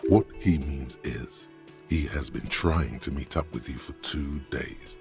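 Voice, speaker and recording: A man voicing the deep, gravelly inner narrator of a detective game, speaking in grave, measured tones. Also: over music, exaggerated voice.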